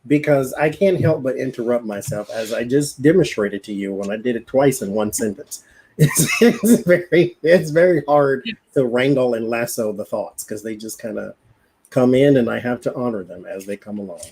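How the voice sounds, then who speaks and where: A man's voice: mid-range voice, animated, normal speed, warm tone, a little hiss or hum, poor audio. A man with a Southern country accent chatting casually on a livestream, rambling, interrupting himself and laughing often. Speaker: co-host.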